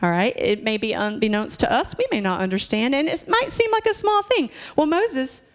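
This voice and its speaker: A woman's voice: a little high, big pitch swings, fairly quick. Conversational woman preacher. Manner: conversational, asks the congregation questions. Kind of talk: sermon. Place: church.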